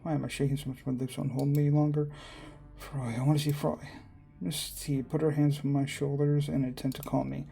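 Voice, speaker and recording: Gravel-voiced man reading a visual novel. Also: mid-range voice, flat delivery, a little fast, warm tone, faint music behind. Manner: reactive, reads in first person with asides. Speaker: gaming YouTuber.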